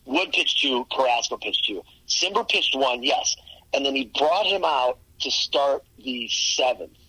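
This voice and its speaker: A man co-hosting a sports podcast in casual chat, analytical and quick to correct details, with a husky voice. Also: mid-range voice, expressive, sharp tone, no echo, low-quality recording. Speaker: podcast co-host.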